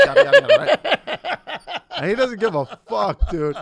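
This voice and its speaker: A man on a casual podcast, telling a family story in lively, profane, slangy talk and acting out his kids' lines. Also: on the high side, fairly quick, vocal fry, no room sound. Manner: animated storyteller, swears a lot, acts out his kids' voices. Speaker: podcast co-host. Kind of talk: casual chat.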